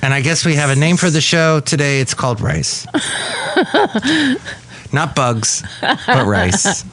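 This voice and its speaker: A man's voice: fairly high pitch, lively intonation, a little slow, fairly bright tone. A man hosting a casual podcast, talking in a playful, rambling, jokey way. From California. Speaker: podcast host. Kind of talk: casual chat.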